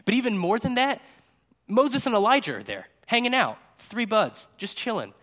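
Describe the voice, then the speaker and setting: Chatty joking male pastor, slightly high. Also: huge pitch swings, normal speed, fairly bright tone. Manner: chatty and jokey, tags lines with "right?". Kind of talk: casual conversational sermon. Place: church service. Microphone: microphone.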